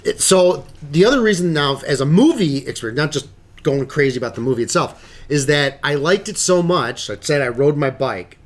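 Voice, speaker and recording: A man co-hosting a casual podcast chat, telling movie stories with big playful jumps in his voice. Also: normal speed. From Illinois, USA. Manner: animated storyteller, jumps pitch when joking. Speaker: podcast co-host.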